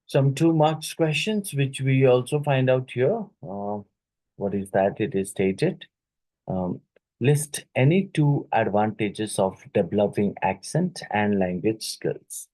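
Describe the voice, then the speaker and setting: Teacher, male, Indian English accent; slow lecture delivery with repeated terms and fillers, dry recording. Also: medium pitch, dark tone, no echo, rough recording. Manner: slow, repeats key words, many fillers. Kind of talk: exam question-and-answer lecture.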